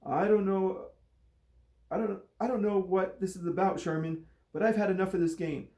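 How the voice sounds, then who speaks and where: A man voicing an angry gym teacher trapped in a boy's body, indignant and shouting threats. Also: high voice, steady tone, moderate pace, reverberant, pitched above the performer's own voice. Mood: furious.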